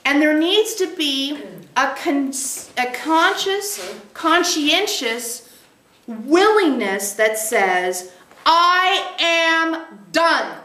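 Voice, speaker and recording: A woman's voice: sits high, big pitch swings, extremely slow, a bit bright. A woman channeler giving an emphatic teaching to a small group, stressing points by repeating them. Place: meeting room with a group of listeners. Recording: roomy echo.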